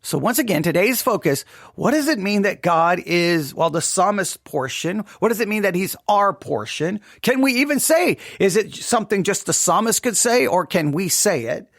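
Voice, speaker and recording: A man's voice: high-pitched, big pitch swings, normal speed, dry recording, clean studio sound. A man giving a devotional Bible study talk, thinking aloud with frequent restarts and rhetorical questions. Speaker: Bible teacher.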